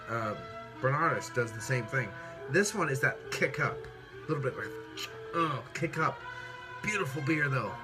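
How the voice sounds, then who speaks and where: Tipsy, excitable man reviewing beer. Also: mid-range voice. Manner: excitable, rambling, swears freely. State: tipsy from several beers. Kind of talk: casual beer tasting vlog. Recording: music playing clearly behind the voice.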